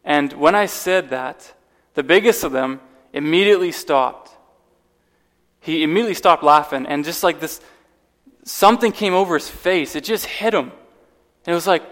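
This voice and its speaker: A man's voice: fairly high pitch, brisk, a bit bright. A man preaching a sermon, telling a personal story earnestly and often restarting his words. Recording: long reverb of a large hall.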